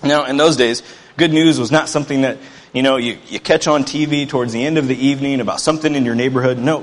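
A man's voice: medium pitch, long reverb tail. A man preaching a sermon as pastor, earnest and building to emphatic bursts.

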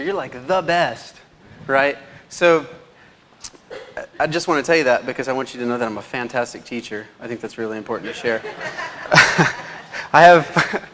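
A man's voice: on the high side, a bit bright, slight background noise. A young adult man giving a lay sermon, telling stories in a self-deprecating way. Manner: self-deprecating, storytelling, chuckles often. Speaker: lay preacher, teacher. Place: church hall. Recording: long hall reverb.

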